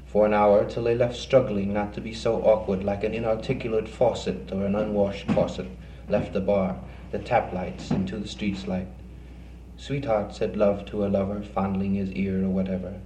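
A man with a low, mellow voice reads poetry aloud in a measured, rhythmic way. The sound is roomy and reverberant, with a faint ambient hum behind him. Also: flat delivery. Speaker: poet reading his work. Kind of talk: poetry reading.

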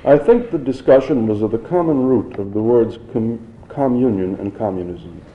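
A man voicing an earnest male professor, measured in his speech. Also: medium pitch, narrow, tinny audio, a little hiss or hum, lightly acted. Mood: calm defense.

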